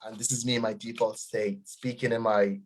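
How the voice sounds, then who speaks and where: A man's voice: fairly low pitch, little pitch movement, a little fast. A young Irish man with a Dundalk and Dublin accent, talking casually on a video call and laughing often as he searches for words. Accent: Irish, Dundalk and Dublin mix. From Ireland. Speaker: guest.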